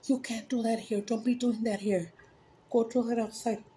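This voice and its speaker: A woman's voice: fairly high pitch, steady tone, normal speed, warm tone, a little hiss or hum, voice pushed up, close to an everyday voice. A woman voicing a stern, fed-up male village priest who scolds and gives orders. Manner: scolding, bossy.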